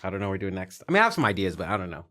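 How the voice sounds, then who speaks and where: A young man from the San Francisco Bay Area, a musician guest in a casual podcast chat, easygoing and quick to laugh. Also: low-pitched, big pitch swings, bright, forceful tone. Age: young adult.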